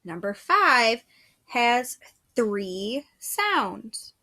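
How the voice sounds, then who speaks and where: Slow, bright-voiced woman teaching phonics. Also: fairly high pitch, very animated. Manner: slow, patient, sounds out letters one by one. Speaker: first grade teacher. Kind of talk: slow phonics dictation lesson.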